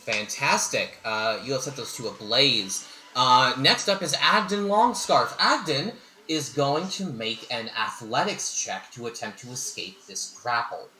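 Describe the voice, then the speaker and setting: Bright-voiced man running a tabletop game. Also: medium pitch, expressive, a little slow, soft background music. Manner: hesitant, with frequent ums. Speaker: game master. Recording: echoey room.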